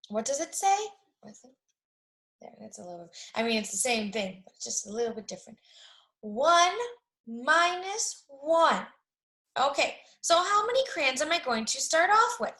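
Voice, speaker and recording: A woman teaching a math lesson to young children, speaking slowly and clearly, asking questions and then answering them herself. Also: high voice, fairly bright tone. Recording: echoey room.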